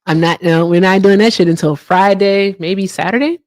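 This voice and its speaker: Woman, livestream host, casual political talk, chatty, medium pitch, teasing high swoops. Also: normal speed, darkish tone. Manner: chatty, reads viewer comments aloud, swings into high teasing tones.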